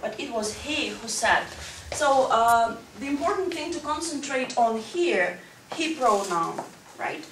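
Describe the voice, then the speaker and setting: Speaking unhurriedly with few pauses, a woman whose voice is on the high side, animated, and fairly bright teaches a grammar lesson in English, step by step, checking in with "right?". The clip comes from a distant, echoey school classroom with noise behind her.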